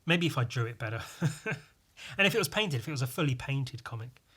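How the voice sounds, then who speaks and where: A man's voice: medium pitch, expressive, brisk, sharp tone, husky. A young man casually talking over his old comic, self-mocking and swearing. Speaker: vlogger. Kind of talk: casual commentary.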